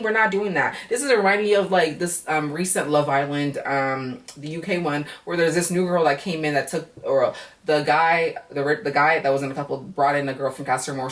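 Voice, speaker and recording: Woman with a lowish voice dishing on reality tv, blunt and cussing, mic a bit far off. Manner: frank, chatty, with heavy profanity. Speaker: reality TV recap vlogger. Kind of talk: casual recap vlog.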